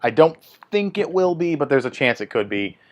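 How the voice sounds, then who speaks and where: A man's voice: fairly high pitch, sing-song, moderate pace. A young man hosting his own video, giving a blunt, swearing opinion rant in a casual way. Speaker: video host.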